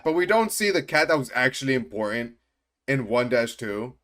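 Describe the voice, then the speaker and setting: A man streaming a game, chatting casually, excitable and profane, laughing often. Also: medium pitch, normal speed. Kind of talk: casual gameplay commentary. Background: faint game music.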